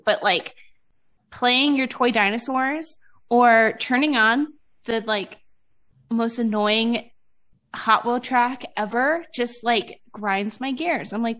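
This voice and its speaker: A woman's voice: fairly high pitch, slow, fairly bright tone. A woman in her thirties hosting a podcast, chatting casually, laughing often and peppering her talk with "like". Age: 30s. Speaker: podcast host. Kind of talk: casual chat.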